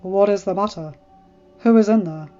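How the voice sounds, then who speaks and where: A woman's voice: medium pitch, mellow, lo-fi sound, faint music behind, lightly acted. Woman voicing a stern grave lord. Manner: measured and firm.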